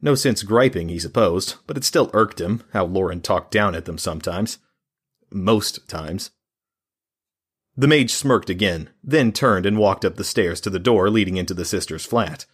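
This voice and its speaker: An audiobook narrator, a man, reads from a fantasy novel at a steady, measured pace. His voice is very low and has a husky grain, and he keeps the delivery calm and even.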